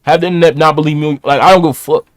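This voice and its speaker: A man gives his firm take in casual streaming commentary, stressing his points. His voice sits a little high for a man and sounds dry and close. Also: fairly even intonation, rapid-fire, no echo. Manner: opinionated, emphatic. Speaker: streamer reacting.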